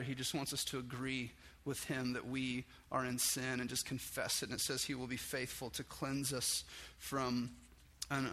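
A man preaching a casual sermon, talking conversationally and acting out the story's dialogue. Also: medium pitch. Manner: casual and conversational, with many restarts and "like"; acts out dialogue with raised, excited voice. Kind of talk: informal sermon.

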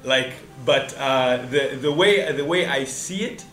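A man's voice: medium pitch, a little slow, a bit bright, echoey room, faint music behind, low-quality recording. A man in casual chat, telling a story with lots of fillers and restarts, switching into Swahili now and then. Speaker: podcast guest.

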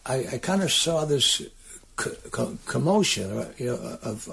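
An older man with a gravelly, husky voice, talking as a guest in a casual interview. He tells rambling stories full of halting restarts, at a middle pitch for a man. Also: animated, fairly bright tone. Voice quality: raspy, gravelly. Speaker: guest singer-songwriter.

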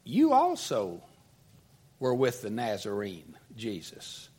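A man's voice: on the low side, huge pitch swings, slow, warm tone, slightly rough, pitched below the performer's own voice, full character voice. A man voicing a young female servant who points out and accuses a stranger. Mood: accusing.

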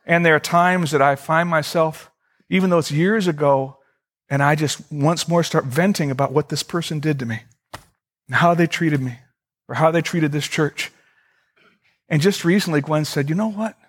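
A middle-aged male pastor preaching a sermon, earnest, slowly repeating key phrases for emphasis. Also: fairly high pitch, steady tone, a bit bright.

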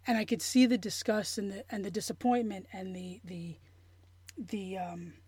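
A woman telling a personal story in an interview, earnest and emotional, halting with many restarts and fillers. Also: medium pitch, fairly even intonation, a little mellow, breathy edge, no echo. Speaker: interview guest.

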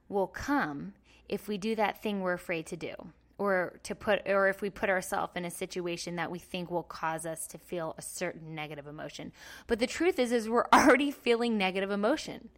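A woman hosting a podcast, giving a casual motivational talk in an animated, self-mocking way and laughing often. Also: mid-range voice.

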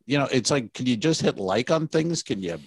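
A man co-hosting a comedy podcast, telling rambling stories in a casual, animated way and dropping into quoted voices. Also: medium pitch, fairly quick, husky, no room sound. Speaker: podcast co-host.

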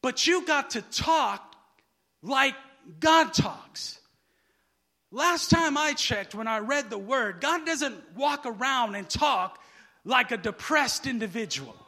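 A preacher with a strikingly high, bright voice delivers his sermon slowly and deliberately. He drops to near-murmurs, then rises to shouted emphasis, and he often leaves a word hanging for the congregation to call out. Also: animated. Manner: swings from hushed asides to shouted emphasis; asks the crowd to finish his sentences.

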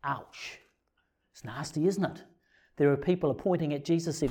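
A man with a fairly high voice preaching a sermon in an easy, conversational manner. He keeps putting rhetorical questions to his listeners and chuckles now and then between points. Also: normal speed, pauses often, dark tone, breathy edge. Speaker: pastor.

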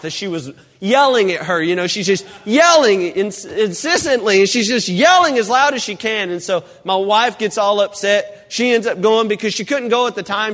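A man preaching in a church, telling a humorous story with lively, animated delivery. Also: high-pitched. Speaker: pastor. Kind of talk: sermon. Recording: long hall reverb.

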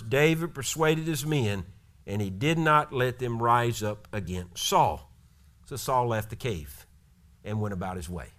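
A man's voice: medium pitch, fairly bright tone. A man preaching a sermon, an earnest pastor who retells scripture and exhorts his listeners.

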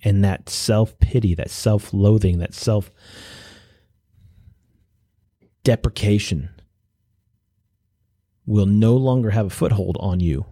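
Male podcast host, low husky voice, earnest and exhorting, dry close-mic sound. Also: warm tone, dry recording. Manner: earnest, exhorting, with restarts and pauses. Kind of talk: motivational monologue.

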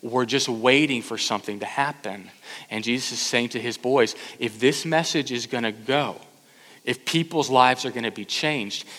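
Emphatic male preacher in a reverberant hall. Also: medium pitch. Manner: emphatic, repeats key words, swings from loud urging to hushed intensity. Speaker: pastor. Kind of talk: sermon. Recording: long reverb of a large hall.

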